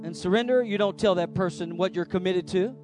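A man preaching a sermon as the pastor of a church service, emphatic, swinging between loud declarations and hushed lines. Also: high voice, brisk. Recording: faint music behind.

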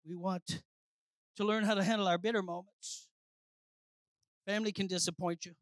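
A preacher delivering a sermon, swinging between shouted declarations and low, quiet lines, calling out to the congregation. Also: flat delivery, normal speed, dry recording. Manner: calls out to the congregation.

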